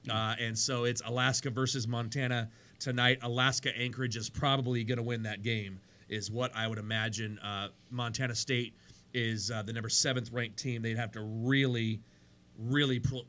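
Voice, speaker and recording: A man hosting a sports radio show in a studio, chatty and energetic, his voice worn from days of talking. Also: mid-range voice, brisk. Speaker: radio show host and pastor. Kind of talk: casual sports radio chat.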